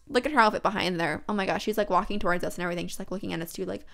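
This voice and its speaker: A young woman with a stuffy nose from a cold, chatting excitedly and casually as she comments on her gameplay. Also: mid-range voice, fast talker. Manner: chatty, excitable, many fillers. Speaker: let's play host.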